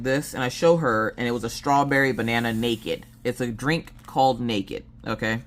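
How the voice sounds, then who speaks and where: A woman in her thirties, casually telling a family story and acting out her family's lines in a jokey way. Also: rumbling low. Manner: animated, jokey, acts out family members' lines. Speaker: vlogger telling family stories.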